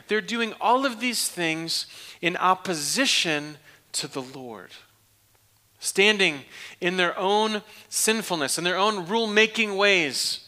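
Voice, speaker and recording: Bright-voiced male pastor preaching. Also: high-pitched, measured pace. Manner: animated, swings from loud emphatic questions to hushed near-whisper; repeats phrases and restarts for emphasis. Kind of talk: sermon.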